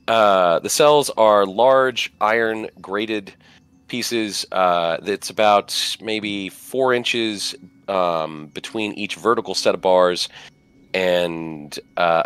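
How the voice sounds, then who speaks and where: A man's voice: low-pitched, slow pace, a bit bright, smooth. A man narrating a tabletop game as game master, rambling along with many fillers and asides.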